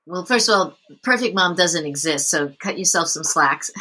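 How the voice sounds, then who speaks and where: A middle-aged woman, a parenting coach, telling a story in a casual interview, animated and often laughing. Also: lowish voice, moderate pace, rough recording.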